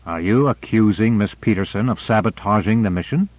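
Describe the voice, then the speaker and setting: A man's voice: on the low side, brisk, no echo, lightly acted. A man reading a terse, defensive agent. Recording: dry narrow phone-like audio.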